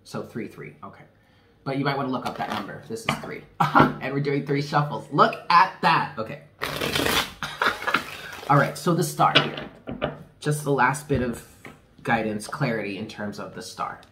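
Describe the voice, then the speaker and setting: A man's voice: mid-range voice, a little slow, long pauses, very noisy. A man doing a casual tarot reading for viewers, chatty and candid, laughing often. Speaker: tarot reader.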